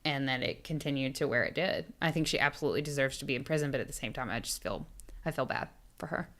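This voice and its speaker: Low-voiced woman, blunt podcast co-host. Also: expressive, fast talker, fairly bright tone. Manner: blunt, swears freely, laughs often. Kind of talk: casual true-crime chat.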